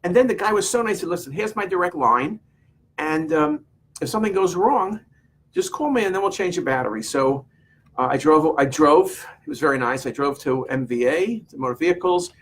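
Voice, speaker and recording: Man, husky voice, rambling exasperated anecdote, casual vlog. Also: sits high, sing-song, a little fast. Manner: rambling, exasperated storytelling with quoted exchanges. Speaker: vlogger telling a personal story.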